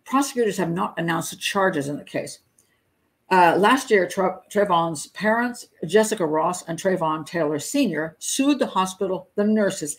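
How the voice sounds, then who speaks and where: Host, middle-aged woman, reads news copy, trips on words, mid-pitched voice. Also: low-quality recording. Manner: reads news aloud with stumbles and asides; breaks into nervous laughter at grim details. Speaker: host of a crime profiling show. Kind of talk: live patron hangout commentary.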